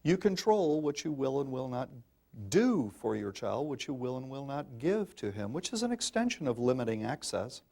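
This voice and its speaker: An older man lectures a room of parents with a gravelly, rough-edged voice. His pitch swings widely as he presses each point, in a folksy and insistent manner, turning to the audience as folks. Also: very animated, moderate pace, darkish tone. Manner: emphatic, folksy, addresses listeners as folks. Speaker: parenting speaker. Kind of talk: public talk to an audience.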